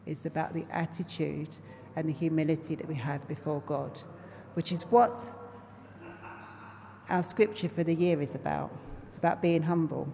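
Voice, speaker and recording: A woman's voice: deep voice, fairly even intonation, moderate pace, gravelly, warm tone, in a large hall. A woman with a London accent giving an earnest, conversational testimony sermon to a congregation. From England. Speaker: lay preacher.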